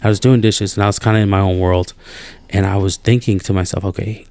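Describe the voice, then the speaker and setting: A man in a casual podcast chat, venting with exasperation and rising to high incredulous outbursts. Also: quick pace, no echo. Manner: animated and exasperated, voice jumps up when incredulous. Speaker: podcast co-host.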